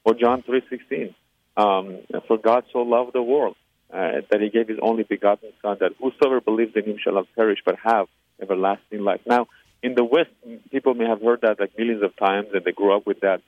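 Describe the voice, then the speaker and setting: A man's voice: fairly low pitch, fairly even intonation, brisk, dry recording. Earnest man. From Iran. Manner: earnest, with frequent hesitations and fillers. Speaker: interview guest. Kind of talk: personal faith testimony. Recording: tinny phone-line sound, dry.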